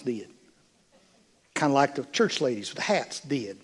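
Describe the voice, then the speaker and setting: An older man preaching as a bishop, his voice husky and breathy at a middle pitch. He drops to soft, hushed phrases, then builds into loud, emphatic declarations. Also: very animated, a little slow, pauses often. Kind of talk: sermon.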